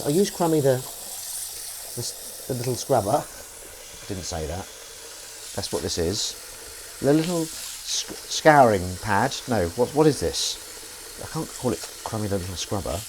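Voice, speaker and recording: A man's voice: mid-range voice, big pitch swings, unhurried, pauses often, background noise. A man live-streaming as he washes dishes at his kitchen sink, rambling wryly to his viewers as he goes. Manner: chatty, wry, talks while doing chores. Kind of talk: rambling casual chat to viewers.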